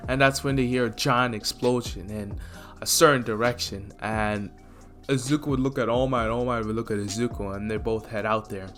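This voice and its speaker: A young man spinning a fan-made what-if story, loose and rambling, tossing in fillers as he goes. His pitch sits in a middling range. Soft lofi music runs faintly in the background. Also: normal speed. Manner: rambling, filler-heavy, relaxed. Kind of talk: casual fan-story narration.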